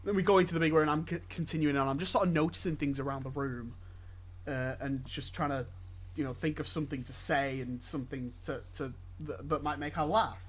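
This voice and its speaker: A man's voice: a little high, steady tone, fairly quick, slight background noise. Stammering, laughing podcast host man. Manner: stammering restarts, laughs often. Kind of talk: casual chat, storytelling.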